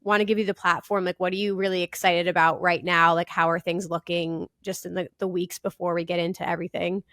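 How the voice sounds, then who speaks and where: A woman's voice: lowish voice, level tone, fairly bright tone, dry recording, clean studio sound. A woman from New Jersey hosting a podcast, chatting casually with upbeat reactions. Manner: upbeat, quick reactions and laughs. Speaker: podcast host. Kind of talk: casual interview chat.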